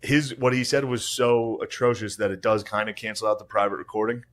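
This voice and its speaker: A man's voice: fairly low pitch, fairly even intonation, a little fast, fairly bright tone. A man co-hosting a podcast in dry, crude banter, acting out quotes as he jokes. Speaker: podcast co-host. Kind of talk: casual comedic banter.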